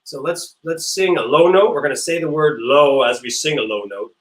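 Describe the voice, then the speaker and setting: A man teaching a music class, playful and encouraging, leading silly vocal warm-ups and singing notes to demonstrate. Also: a little high, normal speed, roomy sound, poor audio. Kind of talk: online music class for kids.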